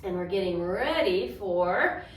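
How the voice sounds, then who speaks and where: A woman's voice: lowish voice, expressive, slight background noise. A woman leading an adaptive yoga class, guiding vocal and movement exercises in an encouraging, chatty way. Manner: slow, encouraging, chatty with small laughs. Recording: roomy, distant mic with faint ambience.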